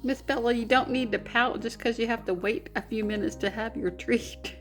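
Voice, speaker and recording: In this casual vlog chat, a woman who runs a papercraft channel speaks from home at a moderate pace, her pitch on the high side and her intonation fairly even. Her manner is giggly, bubbly and sweetly coaxing, and soft music sits behind her.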